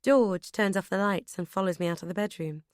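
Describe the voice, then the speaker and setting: Female audiobook narrator, first person, brisk and expressive, close dry studio sound. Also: medium pitch, no echo.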